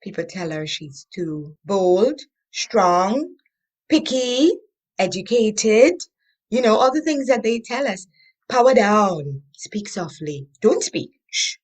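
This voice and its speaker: A woman, a coach and interview guest, telling her story in an animated, expressive way. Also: medium pitch, takes it slowly.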